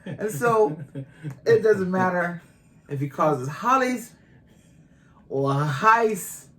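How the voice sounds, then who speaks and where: A woman's voice: fairly low pitch, animated, takes it slowly, fairly bright tone. A woman in her fifties from Boston with a Boston accent, chatting casually and teasing her husband on their couple's channel, laughing often. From Boston, USA. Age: 50s. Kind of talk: casual chat.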